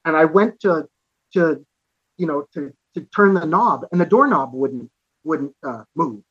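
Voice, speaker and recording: A man's voice: fairly high pitch, animated, a little slow, a bit bright, breathy edge, no echo, lo-fi sound. A man from Canada, a podcast guest, telling a personal story earnestly, with vivid details, restarts and frequent "you know". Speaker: podcast guest, author and musician.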